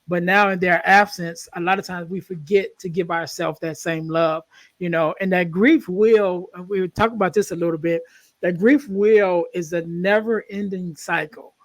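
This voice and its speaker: A male podcast host tells stories in a casual, conversational way, sounding earnest and rambling with many restarts. His high voice holds a steady tone at normal speed in a dry recording.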